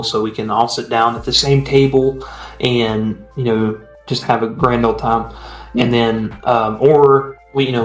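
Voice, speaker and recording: A man co-hosting a podcast, chatting casually and meandering through restarted sentences. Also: medium pitch. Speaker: podcast co-host. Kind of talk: casual chat. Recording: echoey room.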